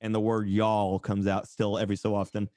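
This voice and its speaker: Sounding lowish and talking a little fast, a podcast guest from East Tennessee shares casual interview stories with sarcasm, animatedly acting out quoted people. He's a tattoo artist and streamer with a mostly faded Southern American accent; the recording is dry and studio-clean.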